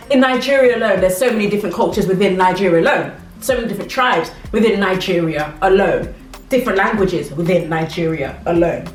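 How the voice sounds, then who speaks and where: A woman's voice: fairly low pitch, recorded from a distance. A young British-born woman chatting casually to camera while eating, laughing often. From Britain. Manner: chatty, laughs a lot, eats while talking. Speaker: vlogger. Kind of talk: casual mukbang chat to camera. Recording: echoey room with faint music.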